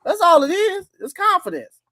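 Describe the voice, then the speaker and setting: Loud, profane man on a podcast. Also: very high voice, moderate pace, no room sound. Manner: loud, profane, animated storytelling. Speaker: podcast host. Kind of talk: casual chat.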